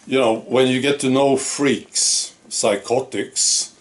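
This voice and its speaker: A man's voice: medium pitch, slow. A man giving a casual monologue to camera as a video commentator, often tagging his statements with rhetorical questions.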